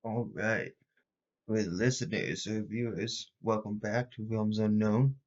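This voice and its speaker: A man running a tabletop horror game as host and game master, narrating with deliberate pauses. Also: lowish voice, steady tone, darkish tone, muffled recording.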